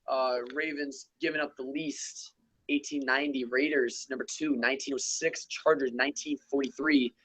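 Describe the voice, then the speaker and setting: Young man, casual podcast host, loose profane chat, rattling off stat lists, mid-pitched voice. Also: a bit bright, no room sound, low-quality recording. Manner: loose, profane, reels off rankings and stats. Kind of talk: casual sports gaming chat.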